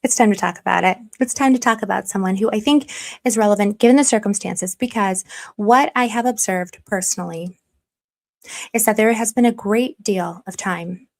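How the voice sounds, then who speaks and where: Her voice sits at medium pitch with a darkish tone. As host of a relaxed livestream, the young woman chats openly, reads viewer comments aloud, jokes about herself, and playfully warns her viewers with mock sternness.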